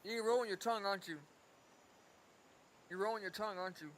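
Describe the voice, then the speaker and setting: A man's voice: high-pitched, fairly even intonation, quick pace, a little hiss or hum. A man streaming casually while practicing a language app, sounding out words again and again and getting easily frustrated with himself. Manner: sounds out foreign words over and over, talking to himself; easily frustrated, self-deprecating.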